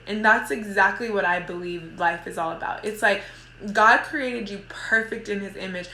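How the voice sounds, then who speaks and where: A woman's voice: mid-range voice, normal speed, pushed and bright, reverberant. A woman in her thirties, a mother who coaches a women's group, gives a casual motivational talk. She rambles with lots of "like" and restarts herself often. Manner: rambling, heavy use of "like", frequent restarts.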